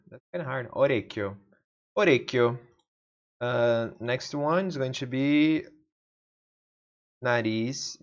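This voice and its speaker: A man's voice: mid-range voice, dull audio. A man whose first language is Portuguese, practicing vocabulary aloud in casual self-study and repeating each word over and over to himself. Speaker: language learner.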